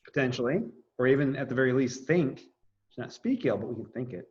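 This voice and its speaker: A man's voice: mid-range voice, a little fast, a little mellow, dull audio. Casual man teaching a classroom lecture. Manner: casual, thinks aloud with fillers and restarts.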